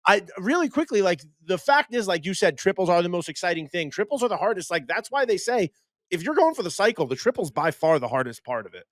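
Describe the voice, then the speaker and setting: A young man co-hosting a casual sports chat, an excitable and animated storyteller. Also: high-pitched, quick pace, no room sound, studio quality. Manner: excitable, animated storyteller who slips into impressions. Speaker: co-host.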